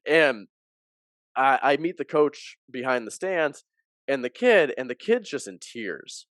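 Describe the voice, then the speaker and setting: A man's voice: mid-range voice, unhurried, no room sound, studio quality. A man, an athletic director, telling a story in an interview and animatedly acting out what people said. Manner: animated storyteller who acts out quoted dialogue.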